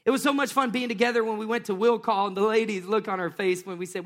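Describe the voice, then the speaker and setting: A man preaching a sermon, telling a story with animated energy and acting out the people in it with playful voices. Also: high voice, fast talker, few pauses. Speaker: pastor. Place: large church hall. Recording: long hall reverb.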